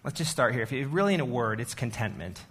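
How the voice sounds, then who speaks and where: A man's voice: mid-range voice, lively intonation, fast talker, fairly bright tone, a little hiss or hum. A man, the church's arts director, giving a casual sermon talk in a chatty, self-deprecating way with many fillers and restarts.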